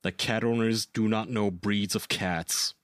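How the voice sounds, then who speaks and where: A man co-hosting a casual podcast, telling animated stories, swearing freely and laughing at his own tales. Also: lowish voice, a little slow, clear, resonant tone, no room sound, studio quality. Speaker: podcast co-host. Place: lives in Germany.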